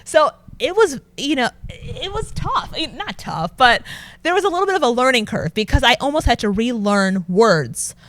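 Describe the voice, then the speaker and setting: A young adult woman, a news anchor, chatting as a guest and telling animated stories with frequent laughter. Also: fairly high pitch, normal speed, no room sound. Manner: animated storyteller, laughs often. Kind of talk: casual interview chat.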